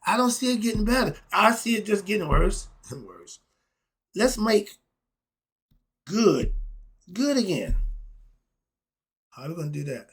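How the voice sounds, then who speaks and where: A middle-aged man, giving a blunt, ranting opinion monologue that swings between muttering and loud outbursts. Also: high-pitched, sing-song, fast, few pauses, husky. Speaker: commentary vlogger.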